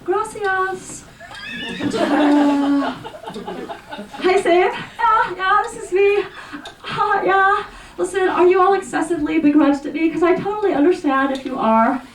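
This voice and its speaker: A woman's voice: extremely high pitch, unhurried. A woman playing a chatty teenage girl on the phone, giggly and full of odd big words, in a solo stage monologue. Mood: giddy. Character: chatty teenage girl, dreamy, dramatic vocabulary. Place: small performance space. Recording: roomy, distant live VHS recording.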